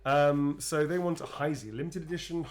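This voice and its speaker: A man's voice: a little high, steady tone, normal speed, a crowd in the background. Tired, playful man streaming. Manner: rambling, playful, swears casually, calls viewers darlings. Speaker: actor drawing requested sketches for viewers. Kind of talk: casual livestream chat.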